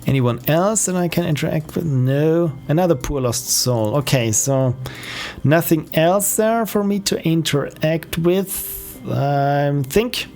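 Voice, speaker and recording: A man commenting casually on a live game stream, thinking aloud and musing over what he sees. His talk is relaxed and unscripted, dotted with fillers and restarts. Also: fairly high pitch, takes it slowly, soft background music.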